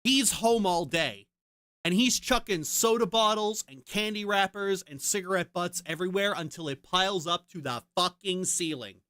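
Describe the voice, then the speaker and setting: A woman's voice: fairly low pitch, normal speed, fairly bright tone, no echo. A woman streamer in casual chat, ranting heatedly and swearing a lot.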